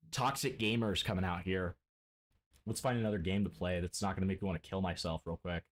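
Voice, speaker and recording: A man streaming games, swearing and ranting in a mock-angry way at his chat and friends. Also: on the low side. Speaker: game streamer. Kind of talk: casual live-stream chat.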